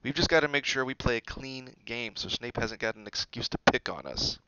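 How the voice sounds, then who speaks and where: A man voicing a stern teenage team captain who yells commands in a storybook reading. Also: medium pitch, a little fast, muffled recording, background noise, pitched above the performer's own voice, natural voice. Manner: shouting, commanding.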